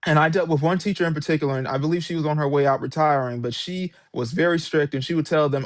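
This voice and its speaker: A former substitute teacher turned author talks fast with hardly any pauses, recounting his experiences in an interview with emphatic, indignant energy. His voice is fairly high with fairly even intonation, captured at studio quality with no echo.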